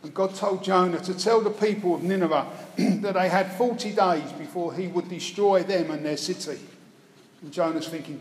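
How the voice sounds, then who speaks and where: A man's voice: sits high, moderate pace. A man preaching a sermon, retelling a Bible story with wry storytelling asides. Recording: echoey hall, faint room noise.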